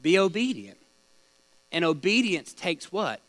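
A man's voice: high-pitched, very animated, a little slow, fairly bright tone, no room sound, rough recording. A man leading a small-group Bible study, teaching in a conversational way, asking the group questions and telling stories.

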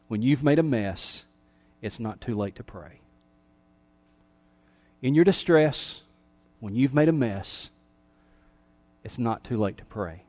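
A middle-aged pastor delivers a sermon in a medium-pitched voice. He swings between emphatic, raised calls and soft, quiet lines.

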